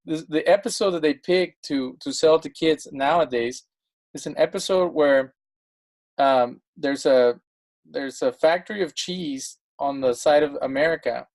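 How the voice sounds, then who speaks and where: A man's voice: a little high, a little mellow. Impassioned man telling stories as a guest. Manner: impassioned, emphatic storytelling. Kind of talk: casual discussion.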